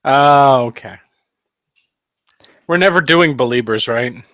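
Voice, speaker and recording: A man's voice: medium pitch, slow, a bit bright, no echo, clean studio sound. A man co-hosting a podcast in casual, joking banter, laughing between lines, on a home mic with headphones. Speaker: podcast co-host.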